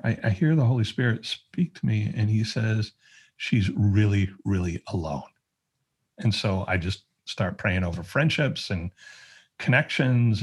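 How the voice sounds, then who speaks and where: A man with a husky, breathy voice sits low in his register as he tells a personal story on a podcast. He talks casually, stopping and restarting often and using plenty of fillers. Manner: conversational, with frequent fillers and restarts. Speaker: podcast guest.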